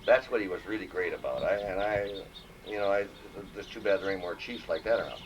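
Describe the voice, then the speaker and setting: A man casually telling profane, animated stories about his old police dispatching days. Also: sits low, quick pace, lo-fi sound. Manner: profane, animated anecdotes with acted quotes. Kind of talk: casual storytelling among old friends. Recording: distant mic, noisy home recording.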